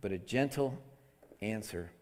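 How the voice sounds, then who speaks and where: A man preaching a conversational sermon into a microphone, candid and self-deprecating, with lots of restarts, swinging between loud and soft. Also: on the low side, lively intonation, measured pace, long reverb tail. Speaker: pastor. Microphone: amplified microphone.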